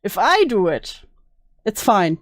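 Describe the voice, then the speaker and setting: A woman streamer chatting casually and bluntly while reacting to videos, sarcastic and quick to swear. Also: medium pitch, very animated, no room sound, clean studio sound. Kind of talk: casual live-stream chat.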